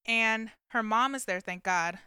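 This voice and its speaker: Woman chatting away, lots of like and um, super clear voice, dry close sound. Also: on the high side, a little slow, bright, forceful tone, no echo. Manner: chatty storytelling with many fillers. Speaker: vlogger recapping a movie. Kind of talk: casual chat.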